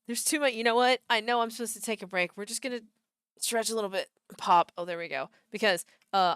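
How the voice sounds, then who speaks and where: A woman's voice: on the high side, brisk, a bit bright, clean tone, no echo. A woman streamer giving live gameplay commentary, exclaiming and repeating her reactions.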